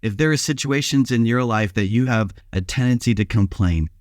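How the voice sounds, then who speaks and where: A male pastor giving a short daily devotional, preaching in a relaxed, conversational way with some filler sounds. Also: medium pitch, normal speed, no echo, studio quality.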